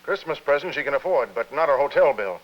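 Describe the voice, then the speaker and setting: An actor playing a cynical, wisecracking hotel clerk in a 1950s television drama. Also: male voice, medium pitch, animated, fast, lightly acted. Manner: wisecracking and dismissive. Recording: dull lo-fi film sound.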